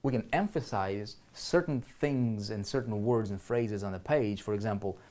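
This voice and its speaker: A man's voice: fairly low pitch, moderate pace, darkish tone. A man teaching online marketing on a live screen-share, chatty and full of "right?" check-ins and restarts, with keyboard typing heard behind him.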